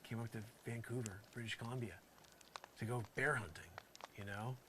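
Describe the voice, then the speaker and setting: A man's voice: medium pitch, steady tone, normal speed, noisy background. A man doing an improvised comedy monologue in character, rambling and exasperated, full of "you know" asides.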